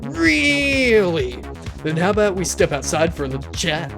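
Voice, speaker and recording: A man's voice: fairly high pitch, fast, over music, close to an everyday voice. A man doing a taunting young street punk. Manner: taunting, aggressive. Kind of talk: reading a visual novel aloud.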